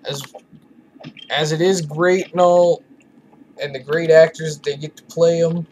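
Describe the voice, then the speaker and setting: A man's voice: fairly high pitch, flat delivery, a little slow, darkish tone, a little hiss or hum. A tired man giving rambling, profane, opinionated commentary while playing a video game. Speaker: let's play gamer. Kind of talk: casual gameplay commentary.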